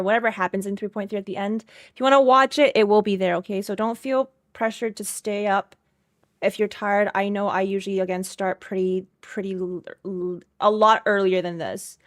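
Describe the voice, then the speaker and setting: A chatty woman streamer talks casually into a desk mic, rambling and greeting her viewers one by one. Her voice sits at an ordinary middle pitch. The sound is dry and close, with no room echo. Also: flat delivery, moderate pace, a little mellow. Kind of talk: casual live-stream chat.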